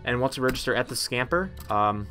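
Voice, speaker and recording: A man's voice: mid-range voice, animated, brisk, sharp tone, soft background music. A man casually narrating a game walkthrough, chatty and rambling with many ums and uhs. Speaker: gameplay narrator.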